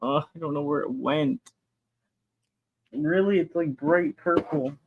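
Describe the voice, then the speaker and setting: A man hosting a casual livestream, chatting about his toys in an animated, talkative way, laughing often and swearing now and then. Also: fairly high pitch, a little slow, phone-quality sound, a little hiss or hum. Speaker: livestream host.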